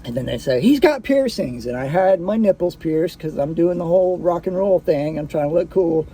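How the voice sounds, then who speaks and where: A man with a high, mellow voice recounts a personal story. He talks casually and swears freely, stopping to restart his sentences and fill the gaps with "uh" and "like.". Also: fairly quick, a little hiss or hum. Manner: casual, profane, full of fillers and restarts.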